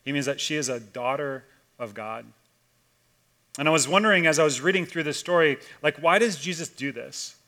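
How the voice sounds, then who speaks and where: Bright-voiced man preaching casually. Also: on the high side, moderate pace. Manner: casual storytelling, swings between loud and hushed. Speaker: pastor. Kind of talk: conversational sermon.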